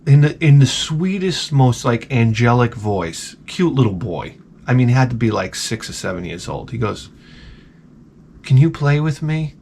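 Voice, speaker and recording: A man's voice: medium pitch, vocal fry, darkish tone, a little hiss or hum. A middle-aged man vlogging, telling a casual, rambling, self-mocking story and swearing freely.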